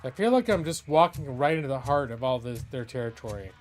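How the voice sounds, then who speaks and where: A man's voice: mid-range voice, expressive, brisk. A man chatting casually while playing a game live, rambling and breaking off mid-thought. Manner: chatty, rambling, self-interrupting. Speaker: gaming streamer and lawyer. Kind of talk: live let's-play commentary.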